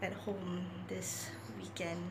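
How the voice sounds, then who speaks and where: A woman's voice: fairly low pitch, little pitch movement, slow. A young woman vlogging casually at home on her phone, chatting and coaxing her dog in playful baby talk. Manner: playful sing-song baby talk to a pet. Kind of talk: casual vlog chat and talking to her dog. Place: home bathroom and bedroom, indoors. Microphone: phone camera. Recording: phone recording with clear background noise.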